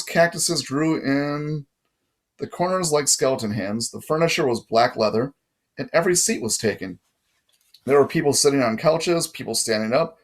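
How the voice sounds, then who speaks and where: A man narrating a first-person story in a plain reading voice, now and then correcting his own slips. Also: mid-range voice. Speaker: audiobook reader.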